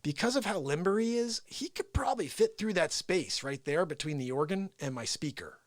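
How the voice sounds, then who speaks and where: Guy livestreaming a story, voice jumping all over, whispers then yells, dry close sound. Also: high voice, fairly quick, no echo. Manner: animated storytelling, acting out quotes, dropping to whispers and shouting. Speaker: host of a daily live variety show. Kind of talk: unscripted live-stream monologue. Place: small room with speaker and organ.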